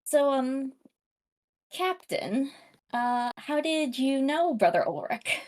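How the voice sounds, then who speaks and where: Female player, casual slow chat, a touch high. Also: big pitch swings.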